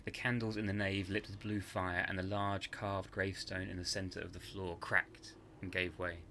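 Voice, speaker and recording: A man narrating a scripted horror story for a podcast in a measured, hushed dramatic manner. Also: sits low, little pitch movement, a little hiss or hum.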